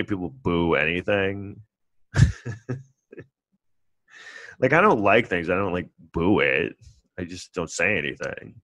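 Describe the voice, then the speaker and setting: A man in his forties with a New York accent talks through a loose, rambling podcast monologue, poking fun at himself. His voice sits low, and the sound is dry and close with no room around it. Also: expressive, takes it slowly, long pauses, fairly bright tone, dry recording. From New York City. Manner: rambling, self-deprecating, acts out others in mocking high voices. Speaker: podcast host. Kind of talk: casual solo monologue.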